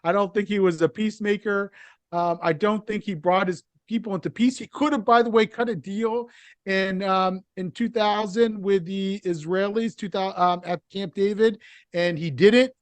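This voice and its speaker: A man's voice: high-pitched, fairly even intonation, normal speed, no room sound. A middle-aged man speaking as a podcast guest, explaining his views earnestly with frequent restarts. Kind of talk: casual interview conversation.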